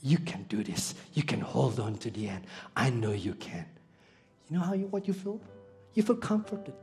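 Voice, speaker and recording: A male pastor preaching an animated sermon, swinging between loud exclamations and soft, quiet asides, full of rhetorical questions and stories. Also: medium pitch, moderate pace, creaky, soft background music.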